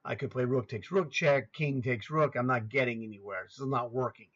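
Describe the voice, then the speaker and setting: Speaking a little fast in a mid-range, slightly bright voice, a man in his sixties runs a casual chess lesson over a laptop screen share. He names squares out loud and throws in grumbling asides to himself, all captured in dull-sounding audio.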